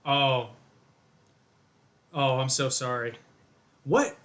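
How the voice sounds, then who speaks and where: A man co-hosting a podcast, talking in a relaxed, chatty way. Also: medium pitch, drawn-out words. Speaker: podcast co-host. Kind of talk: casual podcast chat.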